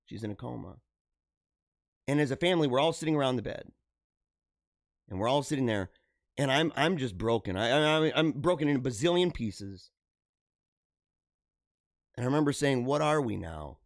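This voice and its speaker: A man's voice: mid-range voice, expressive, dry recording. Earnest man hosting a livestream, dry sound. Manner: earnest, halting, with repeated phrases and restarts. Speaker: livestream show host. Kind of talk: emotional personal monologue to viewers.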